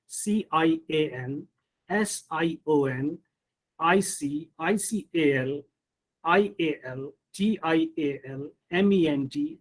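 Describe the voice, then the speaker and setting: A man teaching pronunciation in an online lecture, speaking in a slow, repetitive drilling manner and often saying "hmm" and "you see". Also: a little high, poor audio. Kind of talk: online lecture on word stress.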